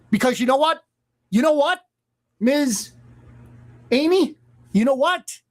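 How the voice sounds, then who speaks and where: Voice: sits high, lively intonation, takes it slowly, pauses often. A radio talk show host giving an opinionated monologue, emphatic and sarcastic, with mocking asides aimed at the people in the news.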